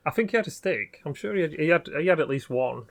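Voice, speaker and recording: A man's voice: fairly high pitch, expressive, fast, creaky, fairly bright tone. A man, co-hosting a casual chat podcast in an easygoing, agreeable way. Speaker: podcast co-host.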